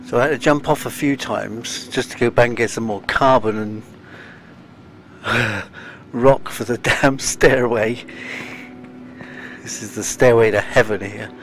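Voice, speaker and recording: A man's voice: mid-range voice, unhurried, pauses often, a bit bright, a little hiss or hum. Man muttering through a game. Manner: chatty, muttering to himself with sighs. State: slightly out of breath. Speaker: game streamer. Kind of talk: casual let's-play commentary. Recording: faint game music behind.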